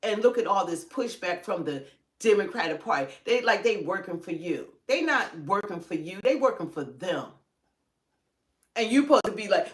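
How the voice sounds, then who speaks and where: Brief: female livestream commentator, forceful and opinionated, echoey room sound. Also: a little high, very animated, normal speed. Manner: emphatic, fires rhetorical questions. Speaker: livestream co-host. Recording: roomy echo.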